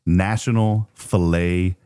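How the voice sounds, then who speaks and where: A man's voice: low voice, fairly even intonation, slow pace, dark tone, clear, resonant tone. Chatty, jokey male radio host. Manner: chatty and jokey, laughs often. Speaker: radio morning show host. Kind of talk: casual radio chat.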